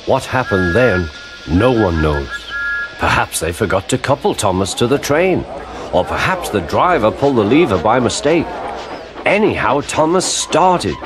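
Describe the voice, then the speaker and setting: A man reading a children's railway story aloud as an expressive, animated narrator. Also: mid-range voice, normal speed. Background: background music.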